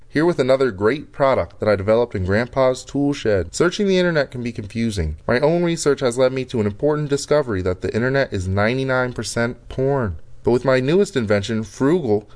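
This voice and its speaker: A man hosting and giving an earnest, deadpan parody product pitch. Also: fairly quick, few pauses. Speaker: host.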